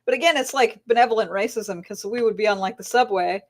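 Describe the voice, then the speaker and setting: A woman author being interviewed, telling lively anecdotes with frequent laughter and acted-out voices. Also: mid-range voice, fast. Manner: animated storyteller, laughs often, acts out voices in anecdotes. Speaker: author guest. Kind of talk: casual interview chat.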